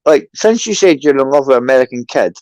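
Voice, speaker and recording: A Scottish man needling the others with crude, teasing jabs. His pitch swoops up and down. The sound is dry and close. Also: animated, fast, a little mellow, no room sound. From Scotland. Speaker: panel guest. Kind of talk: provocative banter.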